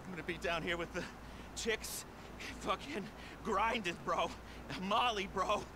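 A boastful washed-up party DJ. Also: male voice, high voice, a little slow. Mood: hyped. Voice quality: brash, boastful, slightly desperate. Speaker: DJ hosting a club opening. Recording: game audio with steady noise.

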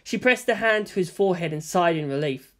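Lively woman reading a story aloud. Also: lowish voice, brisk. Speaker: fan fiction reader. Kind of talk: narrating a fan fiction story.

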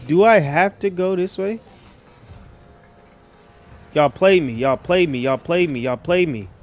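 Casual game streamer, male, high voice, slang-heavy commentary. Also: a little slow, faint music behind. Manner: slangy, excitable, yelps when startled. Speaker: gaming streamer. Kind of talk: casual let's-play commentary. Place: dark room at night.

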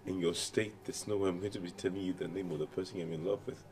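An actor playing a deep-voiced fiancé backing out. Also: male voice, fairly even intonation, quick pace, a little mellow, a little hiss or hum, close to an everyday voice. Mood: apologetic. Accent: Nigerian. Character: young fiancé calling off the wedding, evasive. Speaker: actor in a film. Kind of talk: film drama acting.

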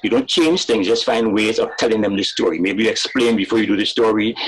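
An older man, talking as a storyteller in a webinar interview, animated and laughing at his own jokes. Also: on the low side, quick pace, low-quality recording. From Caribbean. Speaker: storyteller and writer. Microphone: video call.

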